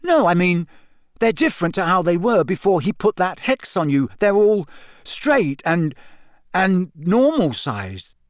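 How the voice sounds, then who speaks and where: A man's voice: on the high side, huge pitch swings, a little slow, dry recording, clean studio sound. A man reading aloud voices a blunt, easily irritated teenage boy who snaps. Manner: snappish, blunt. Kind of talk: audiobook character voice.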